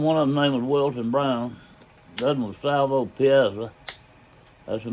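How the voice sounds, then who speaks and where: A man's voice: mid-range voice, measured pace, long pauses, a little mellow, slight background noise. An older man telling a story about his own past in a casual, folksy way. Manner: folksy drawl, loose grammar, chuckles as he tells it.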